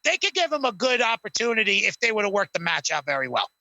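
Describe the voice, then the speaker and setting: Man, casual podcast talk, very high and sharp voice, gravelly, swears often, acts out scenes. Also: very animated, quick pace, dry recording, highs cut off. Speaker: podcast co-host. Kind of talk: casual chat. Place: at home.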